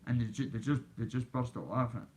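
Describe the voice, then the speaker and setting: Man, Glaswegian accent, boastful, swaggering, casual vlog, phone mic, middle pitch. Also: brisk, darkish tone, slight background noise, poor audio. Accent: Scottish, Glaswegian. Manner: boastful, swaggering, addresses kids directly. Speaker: YouTuber.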